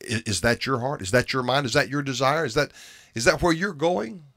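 A man's voice: mid-range voice, a little fast, a bit bright. A man preaching a sermon in an earnest way, often repeating phrases and restarting his words for emphasis.

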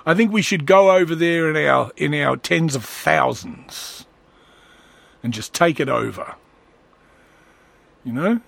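A man's voice: fairly high pitch, takes it slowly, gravelly, long pauses, fairly bright tone, no echo. A man talking in a rambling, sarcastic comedic monologue as a vlogger. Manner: rambling, sarcastic, slips into voices.

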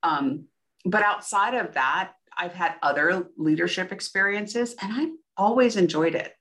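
Upbeat female podcast co-host, lower voice. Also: unhurried, fairly bright tone. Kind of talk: casual chat.

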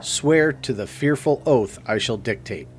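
A man's voice: mid-range voice, expressive, unhurried, faint music behind, close to an everyday voice. Man doing a sinister cursing stranger. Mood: menacing curse. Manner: theatrical, menacing, declamatory. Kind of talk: audiobook character reading.

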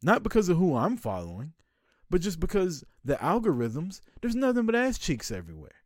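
A middle-aged man co-hosting a podcast, bluntly ranting and swearing through casual banter. His pitch swings widely and animatedly. The sound is dry and close, with no room echo. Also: huge pitch swings, a little fast, darkish tone. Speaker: podcast co-host. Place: home podcast studio.

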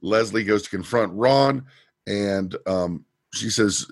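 A man co-hosting a podcast, casually recapping a TV episode and retelling scenes in an animated way. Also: on the low side, slow, dry recording, studio quality. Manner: animated retelling with quoted lines and laughs. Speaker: podcast co-host.

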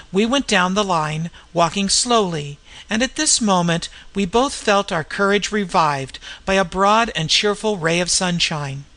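Gravelly bright voice reading an old mystery tale, steady storyteller pace. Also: mid-range voice. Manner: measured storytelling with character voices. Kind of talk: audiobook narration.

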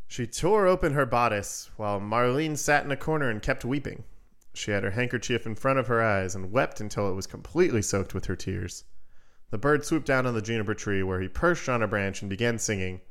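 A man's voice: on the low side, moderate pace, fairly bright tone, clear, resonant tone. A man hosting a podcast who reads a fairy tale aloud in a casual, playful way and adds joking asides. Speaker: podcast host.

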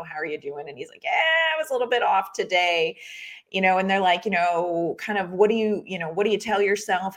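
A woman's voice: fairly low pitch, fairly bright tone. A woman co-hosting a sports podcast, gushing and chatty with lots of fillers in casual talk. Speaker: podcast co-host.

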